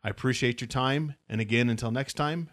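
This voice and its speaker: A man's voice: mid-range voice, fairly quick, a bit bright, no room sound, clean studio sound. A man hosting a podcast, chatting easygoing and appreciative with his guest and signing off to listeners. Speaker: podcast host. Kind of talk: casual interview chat and show sign-off.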